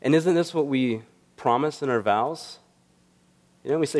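A man's voice: on the high side, normal speed, long pauses, a little mellow. A man preaching a sermon in an earnest, conversational way, mixing teaching with stories. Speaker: pastor.

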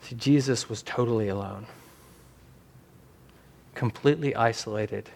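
Male pastor, mid-pitched, earnest sermon delivery, slows and swells for emphasis. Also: vocal fry, darkish tone.

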